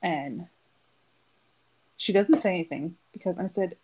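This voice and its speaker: A woman's voice: fairly low pitch, a little slow, mellow, husky, rough recording. A woman in her thirties, a podcast co-host telling a long story in casual chat and acting out the quotes. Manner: chatty storytelling, acts out quotes.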